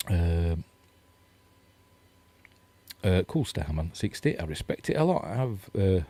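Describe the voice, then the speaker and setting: A man's voice: lowish voice, darkish tone, no room sound. A middle-aged man with a Yorkshire accent, hosting a casual news chat and rambling through articles and stories. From Yorkshire, England. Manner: rambling, chatty, self-deprecating, reads quotes and chat comments. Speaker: host.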